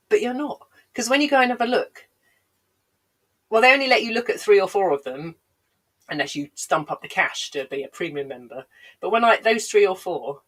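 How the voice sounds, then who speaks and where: Through a rough recording, a woman's low-pitched, slightly bright voice carries rambling comic stories on a home livestream. She's a comedian who digresses freely with dry, self-deprecating asides, sounding somewhat congested and still coughing.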